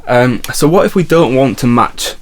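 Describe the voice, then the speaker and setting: A man explaining how to set lyrics to a melody in a relaxed online music lesson, counting beats aloud. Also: mid-range voice, moderate pace, a little hiss or hum. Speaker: guitar and songwriting teacher.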